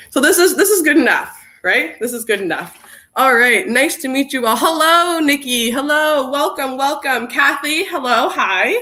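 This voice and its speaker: Young woman host, bright energetic voice, casually greets viewers and reads comments on a stream. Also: a little high. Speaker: workshop host. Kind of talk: casual livestream chat.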